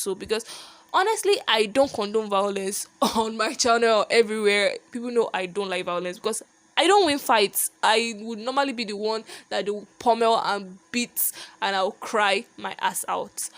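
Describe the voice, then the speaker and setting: A young woman telling a personal story in a lively, animated vlog monologue. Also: mid-range voice, normal speed. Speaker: vlogger.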